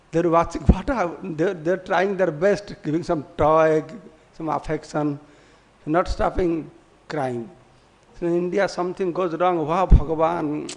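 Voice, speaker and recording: A monk with a high-pitched voice tells devotional stories to his class. He speaks animatedly in simplified English, often breaking into chuckles as he goes. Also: a little mellow. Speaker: monk giving a religious class. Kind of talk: storytelling devotional lecture.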